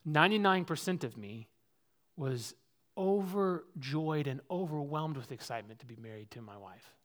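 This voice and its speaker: Male preacher with a somewhat high voice; earnest sermon, builds to loud calls, drops to quiet reflection. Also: expressive, normal speed. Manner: swings between loud, high exhortation and quiet, low reflection; personal, earnest preaching with illustrations. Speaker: pastor.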